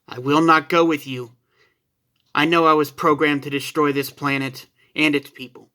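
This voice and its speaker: A man voicing a resolute young alien fighter and father who speaks in a quiet, earnest, subdued way. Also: fairly high pitch, flat delivery, moderate pace. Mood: firm.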